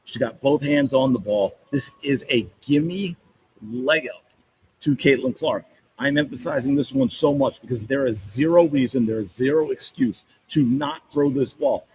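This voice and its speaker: A man hosting a sports podcast, breaking down game film with animated, exasperated commentary and repeating points for emphasis. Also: medium pitch, a little slow, breathy edge, rough recording.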